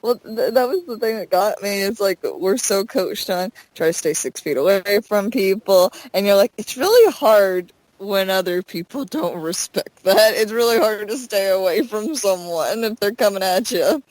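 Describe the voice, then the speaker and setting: A woman's voice: mid-range voice, lively intonation, normal speed, few pauses, darkish tone, no echo, low-quality recording. A woman co-hosting a podcast in casual chat. She talks in a giggly way with many filler words. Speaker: podcast co-host.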